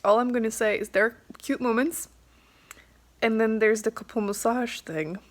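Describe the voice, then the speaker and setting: Young female book vlogger, a bit high-pitched, chatty and giggly. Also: fairly even intonation, normal speed. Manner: chatty and giggly, heavy on fillers. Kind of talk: casual reading vlog chat.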